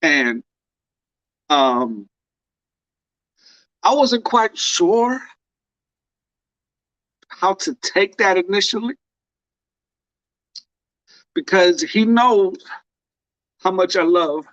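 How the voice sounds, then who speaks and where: A man's voice: high-pitched, expressive, extremely slow, long pauses, a bit bright, dry recording. A man joking through a story on a lo-fi call. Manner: playful mock-tearful storytelling. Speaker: podcast co-host. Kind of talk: casual chat.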